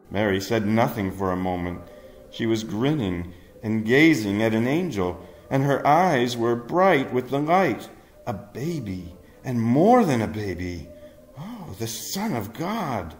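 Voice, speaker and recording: Slow, tender male storyteller. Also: mid-range voice, lively intonation. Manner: tender, playful storytelling with soft chuckles. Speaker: audiobook reader. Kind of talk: storybook narration.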